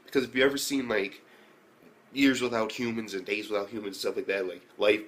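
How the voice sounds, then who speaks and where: A low-voiced man recapping an anime, cursing freely. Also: flat delivery, fairly quick. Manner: loose, profane retelling with loud exclaimed reactions. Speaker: anime reviewer. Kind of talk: casual episode recap.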